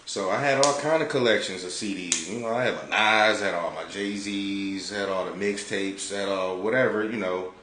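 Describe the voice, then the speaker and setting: Low-voiced, profane man telling a story. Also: normal speed, few pauses. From Detroit, United States. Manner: animated, profane, laid-back. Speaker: podcast host. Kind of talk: casual storytelling. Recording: roomy with faint background noise.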